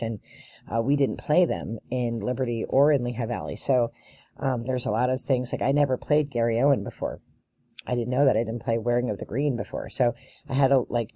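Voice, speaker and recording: Brief: woman vlogger, relaxed storyteller, warm low-key tone, dry close sound. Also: no room sound. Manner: chatty storyteller, laughs often, many fillers. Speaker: bagpiper and vlogger. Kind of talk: casual chat.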